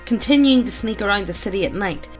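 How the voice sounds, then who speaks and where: A woman's voice: medium pitch, animated, quick pace, soft background music. A woman reading out a character backstory among friends, often breaking into laughter. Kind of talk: reading a backstory aloud with banter.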